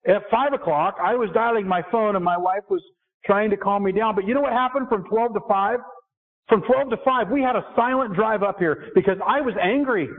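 A middle-aged man preaches a sermon with earnest intent, putting questions to his congregation. His voice is high and fairly quick, and the audio sounds tinny, like a phone.

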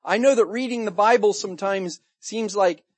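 A man preaching a sermon to his church, retelling the story in a lively way and acting out the people he quotes. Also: high voice, normal speed, husky, no room sound. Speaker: pastor. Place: church service room.

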